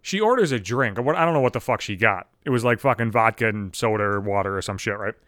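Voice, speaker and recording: A man's voice: fairly low pitch, animated, fast, a bit bright, no room sound, clean studio sound. A man in his thirties telling a comic story as a profane monologue, swearing constantly and working himself up into rants. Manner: swears constantly, gets worked up and ranting.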